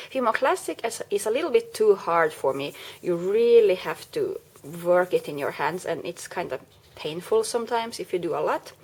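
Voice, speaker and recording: A woman's voice: medium pitch, slightly rough. Chatty woman explaining a craft project. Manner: chatty, explaining step by step with small self-corrections. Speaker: crafting video maker. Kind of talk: casual craft tutorial.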